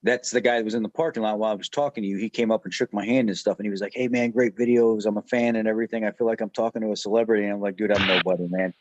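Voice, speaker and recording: A man's voice: lowish voice, fairly even intonation, racing, hardly any pauses, dry recording, muffled recording. A man hosting a casual truck talk show, telling stories in an easygoing way. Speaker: host of a truck repair channel.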